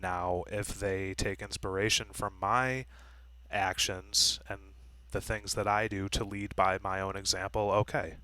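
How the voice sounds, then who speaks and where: Forceful low-voiced man ranting bluntly. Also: steady tone, measured pace, rough recording. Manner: blunt, profane, lecturing. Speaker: vlogger. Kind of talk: direct-to-camera monologue.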